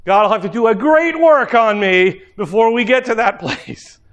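A man's voice: sits high, expressive, normal speed, a bit bright, lo-fi sound. A man giving an informal sermon, telling stories in a rambling, conversational way with many fillers.

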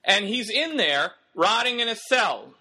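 A man's voice: high-pitched, big pitch swings, measured pace, pushed and bright, husky. A man preaching a sermon in an emphatic, exhorting way, firing rhetorical questions at the congregation.

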